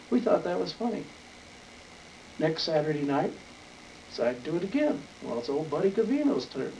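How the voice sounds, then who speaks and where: A man's voice: a little high, warm tone. An older man from Wyoming telling a rambling, folksy story in an oral history interview. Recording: distant mic with faint noise.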